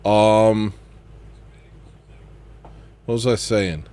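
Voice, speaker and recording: A man's voice: lowish voice, steady tone, very slow, mellow. A man hosting a casual livestream, chatting about his music in a rambling way that trails off and circles back. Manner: rambling, trails off and restarts thoughts.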